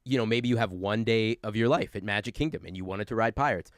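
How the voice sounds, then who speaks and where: A man in his forties, a guest on a talk show, telling animated stories in casual chat and acting out angry customers. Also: fairly low pitch, fast talker, dry recording, clean studio sound.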